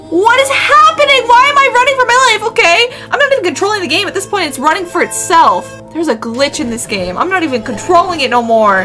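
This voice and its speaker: A woman's voice: very high-pitched, animated, moderate pace. A woman commentating as she plays a horror game, jumpy and gasping, talking to the game and to viewers. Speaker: gaming youtuber. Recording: music behind voice. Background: game music.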